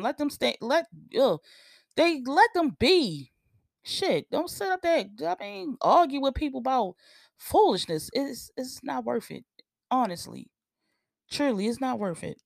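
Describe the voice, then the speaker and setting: Blunt, animated woman ranting solo. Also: on the high side, no echo, studio quality. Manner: blunt, profane, gets animated and loud. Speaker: podcast host. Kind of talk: casual opinion rant.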